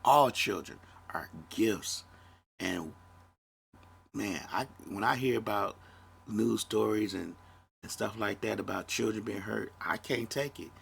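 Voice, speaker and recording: A man in a low, gravelly voice with a husky edge. He hosts a solo podcast, talking candidly and reflectively, and his throat sounds dry. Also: unhurried, a bit bright. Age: 50s. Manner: reflective, candid, gets emotional. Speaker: podcast host.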